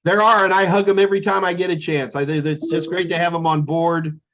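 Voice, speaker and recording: A man's voice: a little high, steady tone, fairly quick, a bit bright, dull audio. A man co-hosting a podcast in casual chat, telling jokey, rambling stories. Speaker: podcast co-host.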